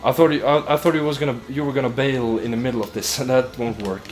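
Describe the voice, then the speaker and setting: A man's voice: mid-range voice, fairly even intonation, quick pace, soft background music. A young man chatting casually while playing a video game, rambling with frequent restarts. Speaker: let's play host. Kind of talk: casual gaming chat.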